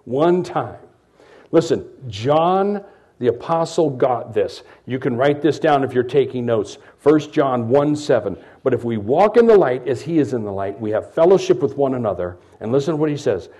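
A middle-aged man preaches to his congregation with a husky, slightly breathy voice. His tone is warm and mellow, and he moves from loud, emphatic declarations to quiet, almost whispered asides. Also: medium pitch, very animated, normal speed. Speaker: pastor. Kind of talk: sermon.

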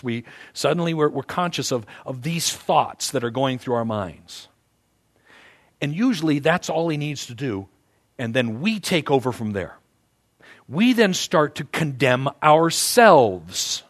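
A male pastor preaching a conversational sermon, emphatic and often repeating his words as he builds a point. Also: fairly high pitch.

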